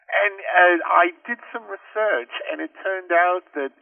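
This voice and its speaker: Man, gravelly voice, rambling radio interview guest, tinny phone line, dry. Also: high voice, measured pace, few pauses, no echo, far from the mic. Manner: rambling, frequent restarts and fillers. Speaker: interview guest, film reviewer.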